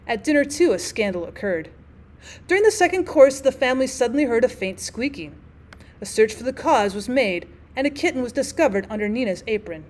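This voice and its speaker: A woman teacher reading a classic short story aloud, expressive, with an occasional stray filler word. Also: on the high side, a little fast. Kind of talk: audiobook narration of a classic story.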